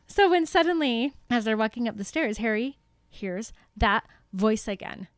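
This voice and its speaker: A woman's voice: fairly high pitch, lively intonation, normal speed, dry recording, studio quality. A young woman co-hosting a podcast, recapping a book chapter in casual chat with lots of giggles and "like". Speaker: podcast co-host.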